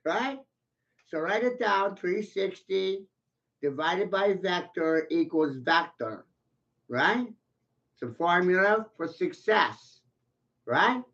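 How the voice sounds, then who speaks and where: A man in a rambling, profane, boastful monologue, ranting with bursts of loud laughter, on a dull lo-fi recording. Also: high-pitched, lively intonation, slow pace, creaky, pauses often. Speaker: vlogger.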